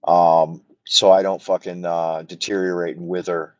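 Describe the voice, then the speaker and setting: A man's voice: low-pitched, level tone, unhurried, no echo, lo-fi sound. A man from the United States, hosting a rambling, emotional, profane livestream chat from his camera at home. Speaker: livestream host. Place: home in China. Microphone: camera mic on a mount.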